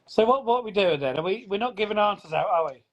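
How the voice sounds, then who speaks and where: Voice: medium pitch, lively intonation, fast talker, a little hiss or hum. Chatty podcast host on a phone call. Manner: chatty, teasing, organizing the show. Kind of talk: casual chat. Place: indoors at home. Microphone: phone on a tripod, video call.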